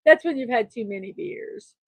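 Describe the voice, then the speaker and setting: A woman with a high voice hosts a casual livestream, reading out jokes in a chatty, upbeat way and chuckling along. She sits close to the mic in a dry, deadened room. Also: fairly bright tone, breathy edge, no echo. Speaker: livestream show host.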